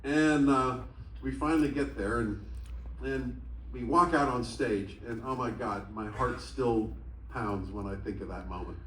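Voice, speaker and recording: A man telling stories to a theatre audience in an animated, comic and profane manner. He is heard through the speakers and recorded by a phone in the crowd. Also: mid-range voice, measured pace, echoey room, far from the mic, slight background noise, low-quality recording. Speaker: stage storyteller. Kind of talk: solo speaking show. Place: large theatre. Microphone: stage PA, taped on a phone in the audience. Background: faint audience ambience.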